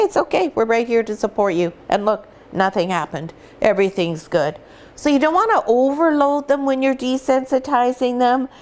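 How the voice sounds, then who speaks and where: A middle-aged woman breeder talks warmly and casually in a home vlog. Her voice sits a little low, and she keeps pausing with fillers and restarting her sentences. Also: smooth. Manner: chatty and warm, with many fillers and restarts. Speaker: dog breeder.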